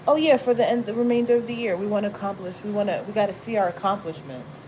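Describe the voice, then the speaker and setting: A woman in the middle of her range talks loosely and bluntly to her viewers, swearing freely and slipping into excited asides. A clear, steady hiss of noise runs under her voice the whole time. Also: mid-range voice, fast talker. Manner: blunt, profane, chatty, laughs and exclaims often. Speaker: tarot reader livestream host. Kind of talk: casual spiritual talk to viewers.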